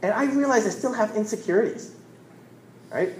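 A man's voice: sits high, normal speed, a little hiss or hum. Man preaching in a roomy hall. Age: 40s. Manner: conversational storytelling, repeats words, asks "right?". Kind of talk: sermon. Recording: roomy echo.

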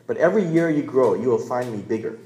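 A man voicing a great, wise lion, speaking slowly and solemnly in a lowered voice, heard with a roomy echo. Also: expressive, dark tone, natural voice. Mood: gentle, solemn. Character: great wise male lion, gentle and grave.

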